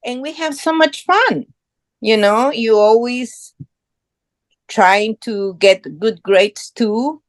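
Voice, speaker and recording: A woman's voice: fairly high pitch, slow, dry recording. A middle-aged woman from Guatemala, a podcast guest telling her story in earnest, proud, English. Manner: earnest, proud, non-native English phrasing. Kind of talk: casual conversational storytelling.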